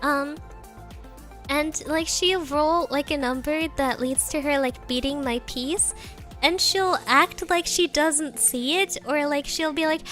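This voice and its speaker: A young woman chats and tells stories on a livestream. Her voice is high and bright, and she scatters fillers and little Japanese words through her talk. It has an animated, rambling flow. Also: slow pace, faint music behind. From Germany. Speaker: streamer. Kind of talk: casual livestream storytelling.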